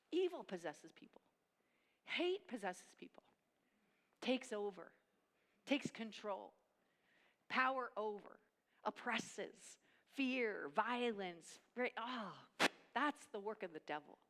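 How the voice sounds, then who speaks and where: A middle-aged woman preaches in a lively, conversational way. Her voice sits a little high, and she slips into quick acted-out quotes and hushed asides. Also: big-room sound. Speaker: speaker at family camp. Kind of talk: sermon.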